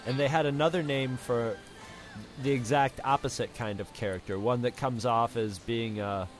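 A man talks casually, hesitating and restarting as he hunts for the right term. His voice sits at a middle pitch. Faint music plays softly in the background. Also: fairly even intonation. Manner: halting, searching for words. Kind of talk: casual chat.

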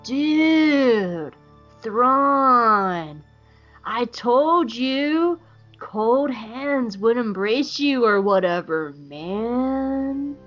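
A woman voicing a laid-back male spirit like a surfer dude, speaking in a slow, lazy drawl. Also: on the high side, lively intonation, lo-fi sound, faint music behind.

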